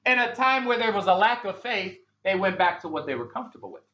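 A man's voice: high-pitched, lively intonation, quick pace, bright, forceful tone, highs cut off. A man preaching a sermon in a conversational way, asking many rhetorical questions of his congregation.

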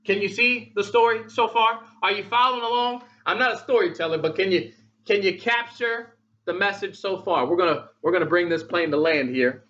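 A man's voice: high voice, a little fast, pushed and bright, muffled recording. A man preaching a sermon in a conversational way, asking many rhetorical questions of his congregation.

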